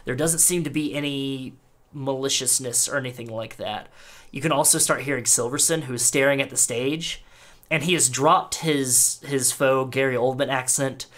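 A man's voice: mid-range voice, normal speed, a bit bright. A man narrating as game master in a tabletop game, loose and full of fillers.

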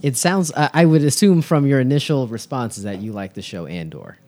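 A man's voice: medium pitch, lively intonation, moderate pace, a little mellow. A man co-hosting a casual tasting podcast, wry and jokey, trailing off into mumbles. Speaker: podcast co-host. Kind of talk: casual chat.

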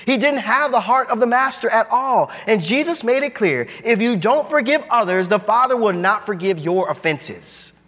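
A man preaching a sermon as pastor, emphatic and driving, his voice swinging high and low. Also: lively intonation, moderate pace, hardly any pauses, fairly bright tone, in a large hall. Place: church sanctuary.

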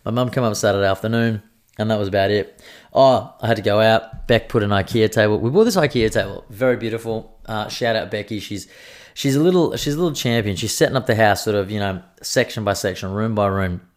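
An Australian man in his thirties, rambling through a profane, animated casual story. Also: on the low side, brisk.

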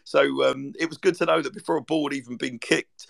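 A man chatting as co-host of a football podcast, mid-pitched with a gravelly edge. He rambles through long stories with frequent fillers and false starts. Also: fairly even intonation, fairly quick, fairly bright tone. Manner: rambling, full of fillers and restarts. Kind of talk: casual chat.

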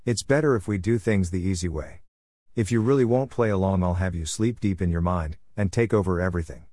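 A man's voice: low voice, fairly quick, mellow, no room sound, clean studio sound. A man voicing a scheming, boastful male affliction spirit who mocks and gloats in a storybook tale. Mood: gloating.

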